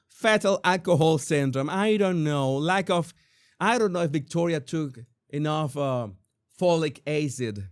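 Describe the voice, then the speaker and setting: A man hosting an entertainment commentary channel, reacting in an excitable way, swearing and stumbling over repeated words. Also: mid-range voice.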